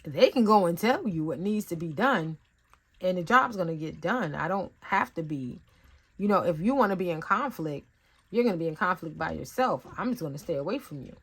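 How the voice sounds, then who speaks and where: A woman talking casually as a tarot reader, rambling and conversational with lots of fillers, telling stories in an animated way. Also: on the low side, a little fast, slightly rough. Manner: animated storytelling with acted-out asides. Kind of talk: casual spiritual reading talk.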